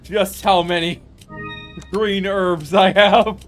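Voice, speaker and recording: He speaks slowly in a highish, somewhat bright voice with little pitch movement. Streaming a game live with its music in the background, he chats casually to himself and his audience and lets out the odd swear.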